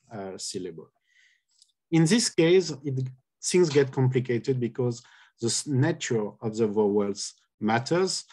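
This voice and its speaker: Many hesitations, filler sounds and self-corrections mark this man's step-by-step explanation in a linguistics colloquium talk. His voice is darkish in tone and medium in pitch.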